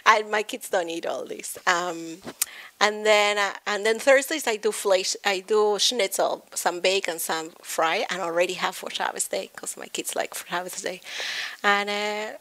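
A woman from Argentina with an Argentine Spanish accent, a guest chatting casually and animatedly about her home cooking. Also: a little slow. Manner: animated, laughs often, lively pitch jumps. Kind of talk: casual chat.

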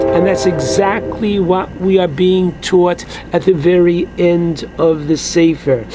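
Slow, high-voiced man teaching Torah. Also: steady tone, over music, poor audio. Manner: slow and emphatic, with exclamations like "oh my goodness". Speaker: rabbi teaching a Torah class. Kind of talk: Torah lesson, translating Aramaic phrase by phrase.

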